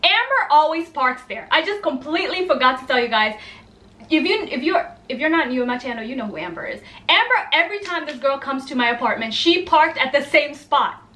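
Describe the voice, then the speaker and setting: Young woman doing a storytime vlog, high bright voice, super animated, keeps acting out the dialogue. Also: reverberant. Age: young adult. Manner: animated, quick asides, acts out the dialogue. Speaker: vlogger telling a story. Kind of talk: casual storytime.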